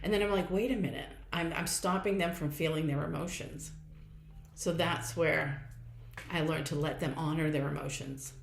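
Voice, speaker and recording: A woman's voice: deep voice, fairly even intonation, normal speed, gravelly, roomy sound, a little hiss or hum. A middle-aged woman hosting a podcast, talking earnestly and casually about parenting with many fillers and repeats. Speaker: podcast host. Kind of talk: casual reflective monologue.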